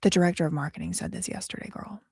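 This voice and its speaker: Brief: sarcastic woman host, mid-pitched, reading documents with dry asides, close and dry sound. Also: animated, normal speed, no room sound. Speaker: live show host.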